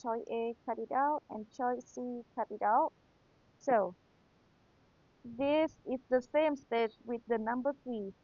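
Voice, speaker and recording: A woman's voice: on the high side, slow, dark tone, no room sound. A young woman whose first language is Thai, teaching an exam review lesson and patiently repeating key points while checking in with rhetorical questions. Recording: tinny phone-like sound, dry.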